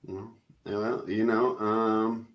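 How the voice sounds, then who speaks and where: A man hosting a casual sports betting chat, teasing his panel and laughing loudly. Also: lowish voice, level tone. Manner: laughs loudly, teasing, quick back-and-forth. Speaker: host.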